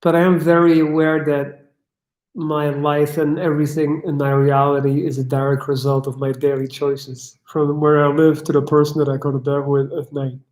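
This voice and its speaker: Chatting casually on a livestream, a young man reads out chat questions and answers them bluntly with swearing and riffs. His fairly high voice has little pitch movement and a darkish tone at a normal speed, recorded in an echoey room.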